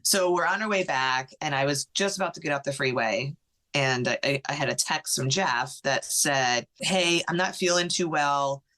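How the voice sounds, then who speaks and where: A middle-aged woman, a podcast guest, tells a personal story in an animated way, acting out what others said, with many "like" fillers. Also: low-pitched, moderate pace.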